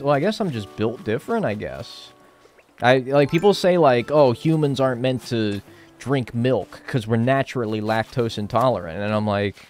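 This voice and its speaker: A young American man with a medium-pitched, darkish voice streams a game and chats with his viewers. He answers chat casually, swearing and mock-arguing in a playful way.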